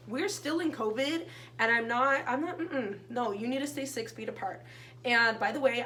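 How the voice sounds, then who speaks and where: A woman's voice: a little high, slight background noise. A young woman chatting casually in a resale haul vlog, telling a story and acting out what people said. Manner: chatty, animated quoting with voices. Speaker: reseller vlogger.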